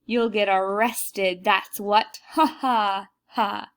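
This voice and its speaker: A woman reading aloud and voicing a man who bursts in loud and gloating. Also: medium pitch, steady tone, takes it slowly. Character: gloating male museum guard.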